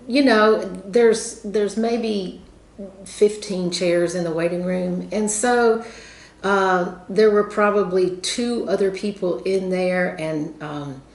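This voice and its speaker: A woman with a Southern American accent, telling a story casually to her viewers in a chatty, rambling way with lots of fillers. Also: lowish voice. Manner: chatty, rambling with many fillers, laughs often. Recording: roomy echo.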